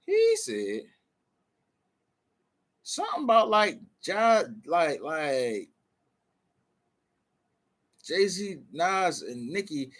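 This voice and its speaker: A man's voice: high-pitched, wildly swooping pitch, drawn-out words, long pauses. A man vlogging with casual commentary, loose and slangy, full of "like" and "man".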